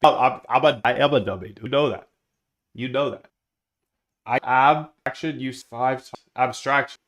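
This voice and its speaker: A man live streaming while he builds software, chatting in a rambling, slangy way and reacting to his chat. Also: mid-range voice, normal speed, vocal fry.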